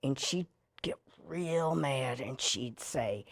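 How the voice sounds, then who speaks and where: A woman's voice: very deep voice, expressive, takes it slowly, creaky. A middle-aged woman hosting a TV cooking demonstration, chatty and folksy, joking as she works in a studio kitchen. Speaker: TV cooking show host.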